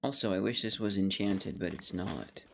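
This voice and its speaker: A man's voice: low voice, normal speed, gravelly, fairly bright tone, slight background noise. A young man giving casual, rambling commentary while playing a game, talking playfully to himself and to the game. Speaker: gaming video creator.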